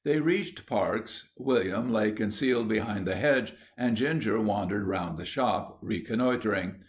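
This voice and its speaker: A man reading an audiobook in a measured, wry storytelling voice. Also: fairly low pitch. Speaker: audiobook narrator.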